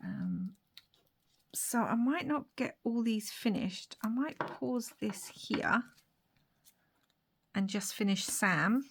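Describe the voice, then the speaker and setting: A young woman chatting casually to her viewers while she crafts, laughing often and dropping into soft whispered asides. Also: a little high, big pitch swings, takes it slowly, pauses often, a little hiss or hum. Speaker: craft vlogger.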